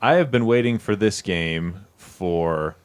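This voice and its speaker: A man presenting new video game releases in a casual podcast chat, eager and excited. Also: low-pitched, slow, clean tone. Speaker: co-host presenting games.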